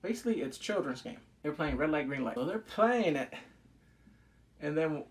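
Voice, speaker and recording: A man giving a casual spoken review of a series, excitable and rambling, swearing freely and acting out quoted lines. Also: a little high, moderate pace. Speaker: show reviewer.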